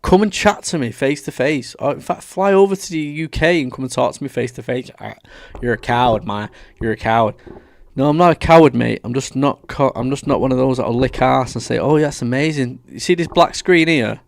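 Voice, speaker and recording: A man's voice: mid-range voice, brisk, vocal fry. A young British man doing casual, combative reaction commentary as a streamer, swearing a lot. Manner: brash, combative, heavy swearing.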